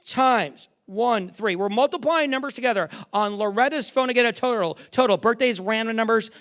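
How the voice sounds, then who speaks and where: Brash high-voiced man doing stage magic. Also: fairly bright tone. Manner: brash, joking, swearing, rapid crowd banter. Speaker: magician performer. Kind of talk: live stage magic with crowd work. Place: large theater stage before a live audience.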